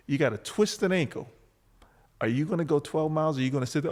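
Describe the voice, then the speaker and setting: Gravelly-voiced father telling a story. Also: fairly high pitch, expressive, fast talker, darkish tone. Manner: storytelling, firm fatherly advice. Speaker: guest. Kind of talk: casual chat. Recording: reverberant room.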